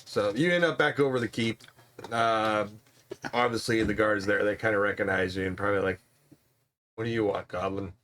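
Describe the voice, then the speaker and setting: A man's voice: fairly low pitch, steady tone, fairly quick, a bit bright, slight background noise. A man running a tabletop game as game master, narrating loosely with lots of hedges.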